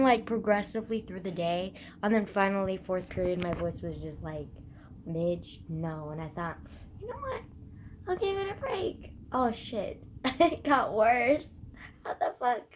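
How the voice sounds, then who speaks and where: Hoarse, croaky young woman vlogging. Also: fairly low pitch, expressive, normal speed. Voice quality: scratchy rasp. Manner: rambling, swears often, heavy use of "like". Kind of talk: casual chat to camera.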